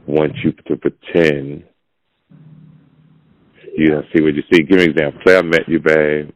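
Gravelly and low, the podcast host's voice carries a blunt, preachy monologue of opinion delivered as casual talk. Intonation is fairly even and speed normal, on dull lo-fi audio without room sound.

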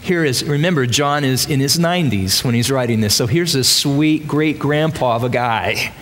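A man's voice: mid-range voice, normal speed, few pauses, a bit bright, a little hiss or hum. A man preaching a sermon in a church, emphatic and full of rhetorical questions to his congregation. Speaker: pastor. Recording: long reverb of a large hall.

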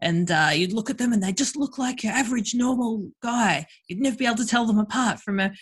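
A woman's voice: a little high, fast, breathy edge, pitched above the performer's own voice. A woman doing a broad-accented male safety lecturer. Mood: lecturing. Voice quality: broad put-on Australian accent. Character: blunt male school safety speaker.

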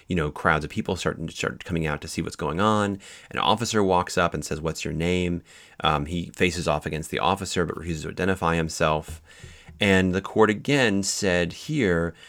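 Male instructor, very low voice, explanatory lecture delivery with restarts. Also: fairly bright tone. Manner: explanatory, frequent fillers and restarts. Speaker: legal instructor. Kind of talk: lecture on case law.

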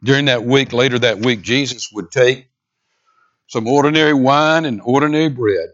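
An emphatic man preaching in a church, pausing for effect and dropping to near-hushed tones between strong declarations. His voice sits in a middle pitch. The recording sounds slightly dull and lo-fi. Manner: emphatic, dramatic pauses, swings between loud and hushed. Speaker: pastor. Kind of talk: sermon. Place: church sanctuary.

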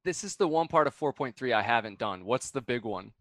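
Male guest, casual gaming chat, earnest; bright tone, dry sound. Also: medium pitch, lively intonation, a little fast, no room sound.

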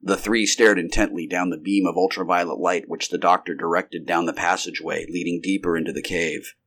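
This male amateur narrator has a deep, somewhat bright voice with fairly even intonation and moves a little fast. Reading a 1930s sci-fi tale live without rehearsal, he now and then breaks off and begins a sentence again.

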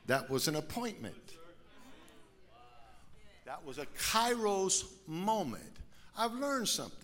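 A man preaching a sermon in church, moving from quiet musing to fervent, shouted preaching. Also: high-pitched, big pitch swings, takes it slowly. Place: church sanctuary.

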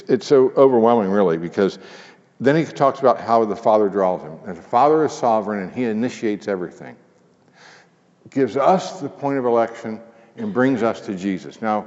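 A man preaches with a low voice in an earnest, conversational way, often dropping to a near hush to press a point. The sound is muffled and carries a long reverb, as if recorded in a large hall. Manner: earnest, conversational preaching with sudden hushed emphasis. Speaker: pastor. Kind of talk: sermon.

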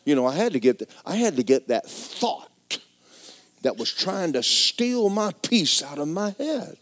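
Middle-aged male pastor, church sermon, folksy, joking, lively rising and falling pitch, loud pushes and soft asides. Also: unhurried. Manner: animated, swings between loud exhortation and quiet asides.

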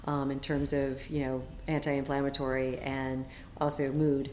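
A low-voiced woman speaking as a health coach guest on a podcast. She is chatty and enthusiastic, full of ums and likes. The room sounds echoey, with faint ambience behind her. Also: flat delivery, unhurried, a little mellow, slight background noise. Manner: chatty, enthusiastic, many fillers. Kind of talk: casual interview chat.

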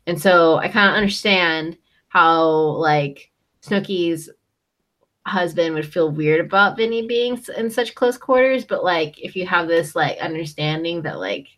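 Recapping a reality show as co-host, this young woman keeps things chatty and full of "um" and "like" in a casual conversation. She has a lowish, fairly bright voice that's animated yet measured in pace.

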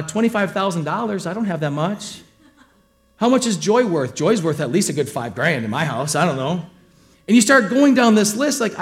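Man, middle-aged, pastor preaching a sermon, casual and joking, voice a bit high. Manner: conversational and joking, with lively acted asides.

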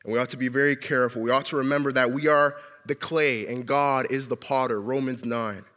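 A man preaching a sermon as pastor, animated, calling out questions for listeners at home to answer. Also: mid-range voice, fairly quick, big-room sound.

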